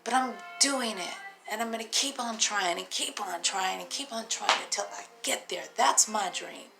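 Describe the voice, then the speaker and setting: A tired single mother speaks straight into her phone camera in a raw, unscripted vlog monologue, profane and rambling, laughing to herself between thoughts. Her mid-range voice is creaky and normal in pace, with music in the background.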